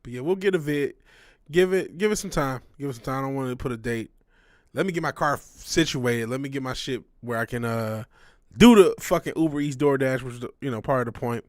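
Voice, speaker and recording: A man in his thirties hosts a casual livestream, his voice sitting at an ordinary middle pitch. He rambles and talks frankly, swearing often and doubling back on his sentences. The sound is dry and close, with no room around it. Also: fairly quick, no echo. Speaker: livestream host.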